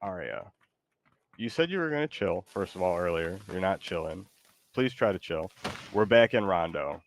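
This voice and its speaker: Deep-voiced laid-back gamer guy. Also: lively intonation, normal speed, creaky, slight background noise. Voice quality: laid-back, hesitant, joking. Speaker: game streamer. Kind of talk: casual gaming stream chat.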